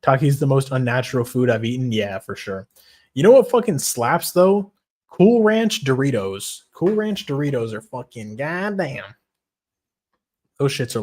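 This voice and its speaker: Brief: male streamer, casual, profane, excitable. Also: mid-range voice. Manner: profane, excitable, reads chat aloud. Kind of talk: casual livestream chat.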